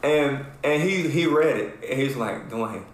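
A man's voice: on the high side, unhurried, very noisy. Profane storytelling man, echoey room. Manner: profane, animated, keeps asking "right?". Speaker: podcast host. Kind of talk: casual storytelling chat.

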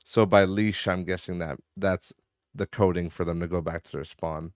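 A man's voice: deep voice, fairly even intonation, normal speed, dry recording, studio quality. A man hosting a podcast in casual rambling chat, swearing and laughing often, sounding tired. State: tired, yawning. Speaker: podcast host.

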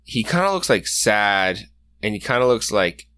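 A male game master narrates a tabletop game in a casual, filler-heavy way. His voice sits a little low. The sound is close and dry. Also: very animated, normal speed, bright, forceful tone, smooth, dry recording.

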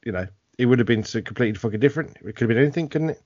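A man's voice: medium pitch, expressive, rapid-fire, a little mellow, no echo, muffled recording. A British man co-hosting a podcast, chatting drunkenly, laughing often and swearing. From Britain. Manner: laughs a lot, swears, loose mock-Cockney banter. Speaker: podcast co-host. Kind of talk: drunken casual chat.

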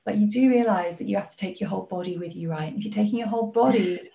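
A woman guest on a podcast, a life coach talking in an animated, earnest way. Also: mid-range voice, quick pace, creaky. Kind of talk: podcast conversation.

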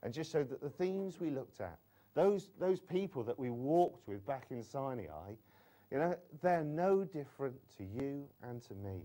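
A man's voice: mid-range voice, sing-song, unhurried. A man in his forties preaching a sermon in a conversational way, often adding "you know" and stumbling into restarts. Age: 40s. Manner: stammers into restarts, wide swings in loudness.

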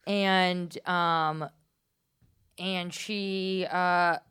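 A woman comedian, a guest on a podcast, telling a story in casual chat with a deadpan delivery. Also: on the low side, drawn-out words, clean tone. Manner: deadpan storytelling, drops to whispers for quotes.

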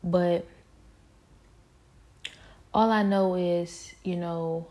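Woman, casual monologue, intense, rambling, flat delivery, mellow tone. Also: lowish voice, very slow. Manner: intense and rambling, with many fillers; pointed, confrontational questions.

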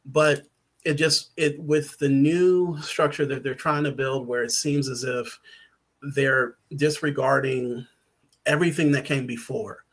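Podcast guest, male writer, mid-pitched, rambly and hesitant. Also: little pitch movement, slow pace. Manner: rambling, hesitant with many fillers and restarts. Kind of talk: casual podcast chat.

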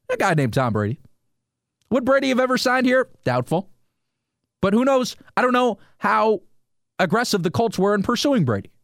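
Animated man ranting about sports. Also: high voice, dry recording, clean studio sound. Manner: animated, rhetorical, talks to listeners directly. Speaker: sports radio host. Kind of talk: solo sports podcast rant.

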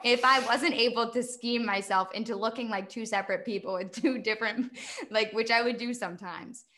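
A chatty young woman guesting on a podcast, spinning animated stories with frequent laughs. Her voice sits a bit high and rings bright and forceful. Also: moderate pace. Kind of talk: casual podcast chat.

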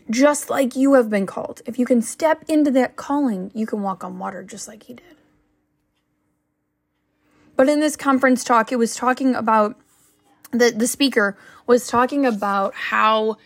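A woman's voice: a little high, normal speed, vocal fry. A young woman, a stay-at-home mom, giving an earnest, preachy faith-based motivational talk full of rhetorical questions as a podcast host.

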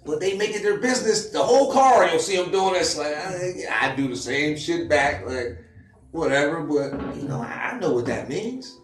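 A man who raps, telling a story in casual chat with profane slang and loud acted-out quotes. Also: a little high, moderate pace, roomy sound, distant mic, faint music behind. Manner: animated, profane street slang, acts out quotes loudly. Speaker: rapper.

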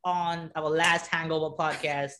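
A man's voice: a little high, flat delivery, measured pace, bright, forceful tone, slight background noise. Joking, swearing male co-host. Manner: joking, laughs a lot, swears. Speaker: podcast co-host. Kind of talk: casual chat.

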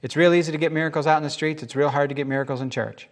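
A man preaching a casual sermon, animated and jokey, often acting out the voices in the scripture he reads. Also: fairly high pitch, very fast. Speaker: pastor.

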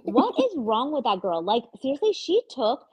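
A woman's voice: high-pitched, very animated, moderate pace, darkish tone, slightly rough, no echo, poor audio. A young woman co-hosting a podcast in casual chat, ranting heatedly, swearing and acting out quotes. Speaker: podcast co-host.

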